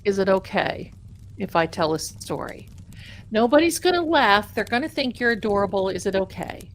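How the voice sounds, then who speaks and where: A woman hosting a tarot livestream, chatting casually and telling a personal story in an animated, amused way. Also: mid-range voice, normal speed, a little hiss or hum. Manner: chatty, animated, laughing at her own story. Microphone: desk mic at home.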